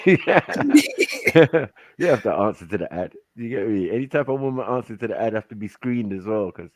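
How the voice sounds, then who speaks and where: A man chatting casually on a live panel, telling animated stories and mimicking other people. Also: fairly low pitch, moderate pace, dry recording. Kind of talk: casual chat.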